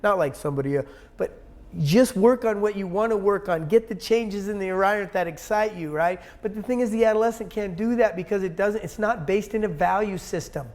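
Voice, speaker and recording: A man's voice: high-pitched, brisk. A man talking as an interview guest, blunt and emphatic, swearing freely and rambling with many restarts. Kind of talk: casual conversational interview.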